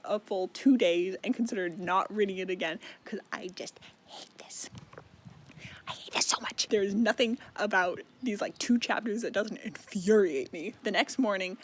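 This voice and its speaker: A man's voice: high voice, fairly bright tone. Young man ranting through a casual book recap. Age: young adult. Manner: profane, exasperated, lots of fillers. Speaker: book vlogger.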